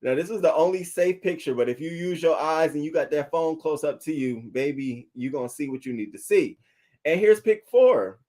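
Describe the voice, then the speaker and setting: A man hosting a celebrity gossip live stream, chatting in a casual, animated way and greeting viewers in the chat. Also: fairly high pitch, normal speed. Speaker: celebrity gossip show host.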